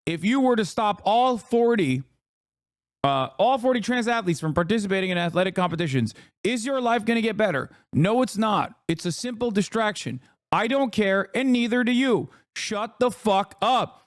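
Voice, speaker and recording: A man's voice: high voice, lively intonation, moderate pace, no echo, studio quality. A man streaming a heated political rant, profane, combative and mocking, in his thirties.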